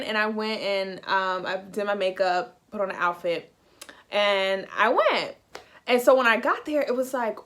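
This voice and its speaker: A young woman from the United States, chatty and animated, telling a casual storytime in a vlog. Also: mid-range voice. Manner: chatty, animated, heavy use of "like". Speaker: vlogger.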